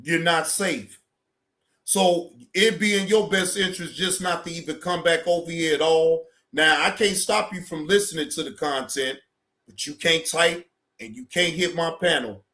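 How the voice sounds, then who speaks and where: A man's voice: fairly high pitch, moderate pace, bright, forceful tone. A man on a stream, delivering a blunt, repetitive warning rant. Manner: blunt, warning, repeats himself.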